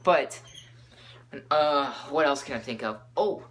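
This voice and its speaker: A teenage boy hosting his own podcast, rambling excitably from topic to topic with lots of fillers. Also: fairly high pitch, takes it slowly. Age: teens. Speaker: podcast host.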